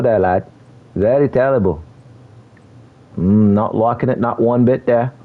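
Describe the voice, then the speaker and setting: A man's voice: low-pitched, muffled recording. A man giving laid-back, chatty commentary on a video game, laughing often and using slang. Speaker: gaming streamer. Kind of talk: casual gameplay commentary.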